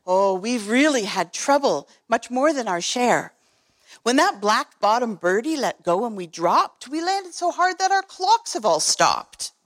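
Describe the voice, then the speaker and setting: Fretful little mayor voice from a woman reading aloud, lively pleading rhymes, picture-book feel. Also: on the high side, unhurried, dry recording. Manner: pleading, breathless storybook verse. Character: worried tiny male mayor of a speck town.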